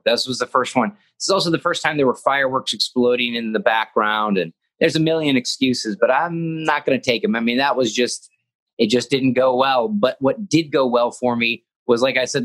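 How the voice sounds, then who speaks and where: A man's voice: medium pitch, fairly bright tone. A young man, a professional wrestler, talking earnestly in an interview, rambling with restarts and acting out what he said. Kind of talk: casual interview talk.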